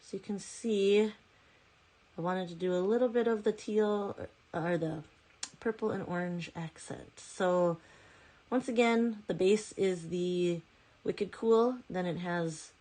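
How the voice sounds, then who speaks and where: A woman's voice: mid-range voice, slow pace, dark tone. A woman chatting casually as a nail art vlogger at home, rambling and correcting herself as she goes. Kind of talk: casual chat.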